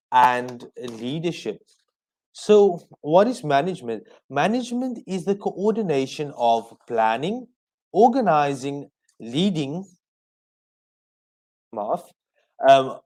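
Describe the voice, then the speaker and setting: A man from South Africa teaching an exam revision lesson on the radio, explaining slowly point by point so students can take notes. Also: a little high, a little mellow, poor audio.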